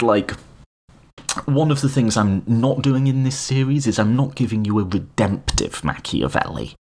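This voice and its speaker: A man hosting a podcast, giving an informal, animated lecture full of asides and restarts. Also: on the low side. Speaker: podcast host. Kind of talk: casual lecture on political philosophy.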